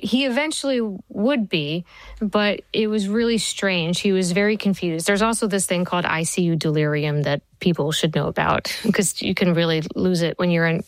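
A woman in her forties, a TV writer being interviewed, telling stories in a lively way and laughing easily. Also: mid-range voice, dry recording, low-quality recording. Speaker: TV writer and showrunner, interview guest. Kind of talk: conversational interview answers.

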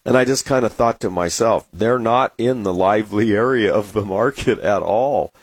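Speaking at a normal pace in a husky, low-leaning voice, an American market commentator from San Diego tells meandering, filler-heavy stories to the camera in a relaxed way. There's no room sound.

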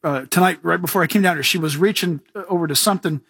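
Pastor guy preaching, kinda high husky voice, super animated and jokey, dry sound. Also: quick pace, no echo. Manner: animated, joking, acts out quoted voices. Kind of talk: casual sermon.

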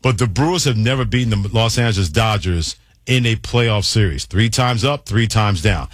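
A man hosts a sports radio show and sets up questions for his guest. His voice is low. The sound is dry, with no room around it. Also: moderate pace, no echo. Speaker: radio host.

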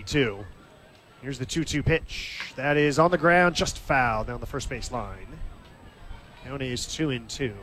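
A man calling live baseball play-by-play in a steady, conversational way, lifting his voice briefly when the action comes. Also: a little high. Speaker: play-by-play announcer. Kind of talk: live baseball radio commentary.

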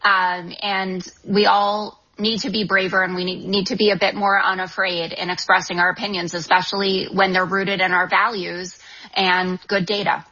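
A woman's voice: medium pitch, little pitch movement, normal speed, bright, forceful tone. A woman in her thirties, a guest author and TV political commentator, answering call-in questions in an articulate, assertive way with frequent "um" fillers. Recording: dull lo-fi broadcast audio.

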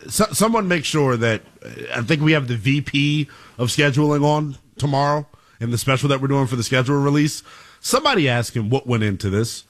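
A man's voice: a little high, fairly bright tone. A man co-hosting a sports talk show, arguing his point emphatically and repeating himself. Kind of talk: heated sports debate.

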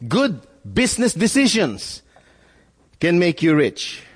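A man's voice: high voice, very animated, takes it slowly, breathy edge. A man preaching a sermon as pastor, earnest and full of rhetorical questions, often repeating words as he builds a point. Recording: long reverb in a hall.

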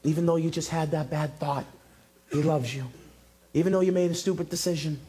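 A male pastor preaching a sermon, telling a story with lively acted-out quotes. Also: a little high, fairly quick, slightly rough. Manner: animated storytelling, acting out quotes. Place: church in Massachusetts.

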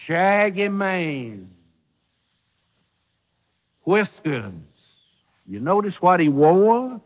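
A man's voice: sits high, big pitch swings, very slow, big-room sound, dull audio. A man preaching a sermon, emphatic, with rhetorical questions and dry humor.

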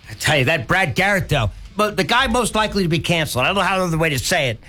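Male radio host, animated, admiring interviewer. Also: high-pitched, fast, soft background music. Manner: enthusiastic, admiring questions.

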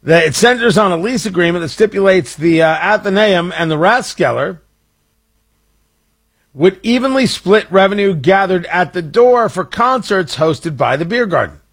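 A man's voice: sits high, expressive, moderate pace, fairly bright tone, husky. A man hosting a talk radio show, chatting casually with wry asides and frequent restarts.

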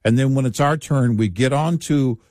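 A man's voice: mid-range voice, moderate pace, no room sound, clean studio sound. A man in casual conversation, telling everyday stories with wry asides. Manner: animated storytelling with wry asides. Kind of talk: casual chat.

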